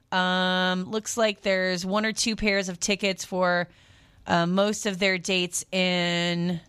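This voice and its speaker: A woman's voice: mid-range voice, a bit bright, smooth, no echo. A middle-aged woman hosting a casual radio deal segment, chatty and upbeat, drifting into tangents with laughs. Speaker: radio host. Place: radio studio.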